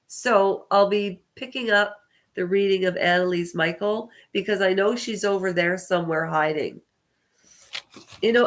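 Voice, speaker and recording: A woman's voice: mid-range voice, a bit bright. Congested woman rambling on her vlog. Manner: meandering, hesitant, corrects herself often. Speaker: channel host. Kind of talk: rambling personal vlog talk.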